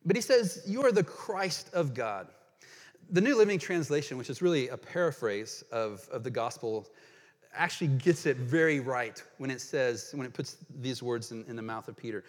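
A man preaching a sermon as pastor, earnest and emphatic, reading quotations aloud and pausing to explain them. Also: mid-range voice. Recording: long hall reverb.

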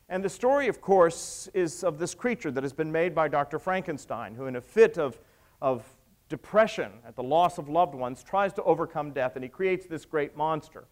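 A man with a high, light voice delivers a sermon. He tells stories with drama, dropping low and soft and then building up again. His delivery is that of a practiced preacher. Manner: dramatic retelling with acted quotes, swinging from hushed to raised.

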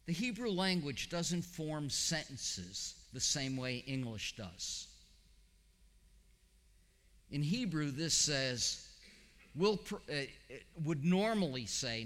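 A male pastor delivers his sermon at an unhurried pace, his voice bright and a touch high. He climbs to pointed questions, then drops low and soft. The sound carries a long reverb, as in a large hall. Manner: animated preaching, rising to high emphatic questions then dropping low and quiet.

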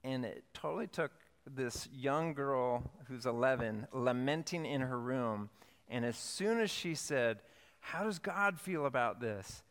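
Guy preaching in a church, smooth clear voice, big echoey hall, jokey but sincere. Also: medium pitch, unhurried. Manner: storytelling, playful and earnest with lively emphasis. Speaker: pastor. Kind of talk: sermon. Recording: long hall reverb.

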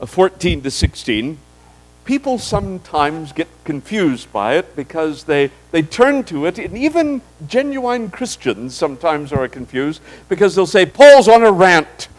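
Man, preacher, sermon, slow, high-pitched, expressive, direct address. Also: poor audio. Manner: animated, rising and falling emphasis, addresses congregation directly. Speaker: pastor. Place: church.

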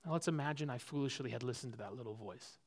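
A man preaching a sermon as pastor, earnest and personal, swinging between loud, high exhortation and quiet, low reflection. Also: fast, slightly rough.

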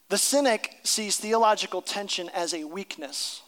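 A man's voice: high voice, normal speed, hardly any pauses, a bit bright, long reverb tail, rough recording. A middle-aged man preaching a sermon, speaking emphatically and sometimes reading aloud from a book. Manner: emphatic, reads story aloud with character voices. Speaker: pastor.

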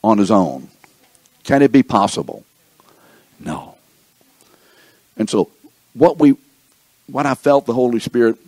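A man leads a Bible study class, thinking aloud with restarts and asides and often checking whether the class is keeping up. His voice is warm and on the low side, recorded dry.

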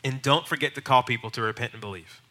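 A pastor in his middle years teaches on sharing the faith. His voice is strikingly bright and sharp, and he speaks earnestly and with emphasis, now and then pressing into raised, urgent stretches. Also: mid-range voice, fast talker. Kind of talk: teaching on evangelism.

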